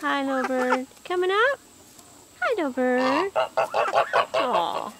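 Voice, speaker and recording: A woman coos to her chickens in a very high, swooping pet voice, drawn out and unhurried. Clucking birds are clearly heard around her on the camera mic. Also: huge pitch swings. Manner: coaxing sing-song pet talk. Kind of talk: casual home video talk to animals. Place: chicken coop, outdoors. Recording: noisy farmyard with clucking chickens.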